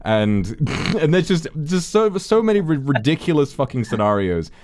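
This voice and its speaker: A man's voice: a little high, big pitch swings, moderate pace, darkish tone. A man hosting a casual chat on stream, easygoing and thoughtful. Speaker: streamer hosting a talk segment.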